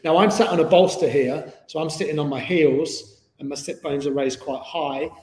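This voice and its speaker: A man's voice: fairly high pitch, moderate pace, a little mellow. A man teaching a live online yoga class in an easygoing, chatty way with many fillers. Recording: echoey room with long reverb.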